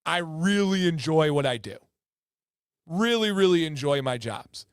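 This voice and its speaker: A man hosting a casual livestream chat, emphatic and fond of repeating words for stress. His voice sits a bit high for a man and is heard close and dry, with no room echo. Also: animated, a little slow, clear, resonant tone. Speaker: livestream host.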